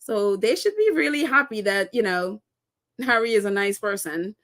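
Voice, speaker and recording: A woman's voice: medium pitch, expressive, normal speed, fairly bright tone. A woman hosting a casual live-stream podcast, chatting and reading viewer comments, laughing often. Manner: giggly, laughs often, chatty with many fillers.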